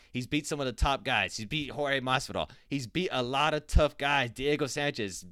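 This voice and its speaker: A man's voice: medium pitch, fairly bright tone, dry recording. A man giving blunt, profane, opinionated commentary on a fight in a casual vlog. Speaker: MMA commentator.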